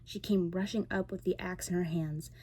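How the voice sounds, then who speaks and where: A woman reads a fairy tale in a soft, whispered role-play bedtime voice. Her tone is low, mellow and breathy. She sits close to the microphone. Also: steady tone. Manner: soft, slow bedtime reading. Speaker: ASMR storyteller. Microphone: close ASMR microphone.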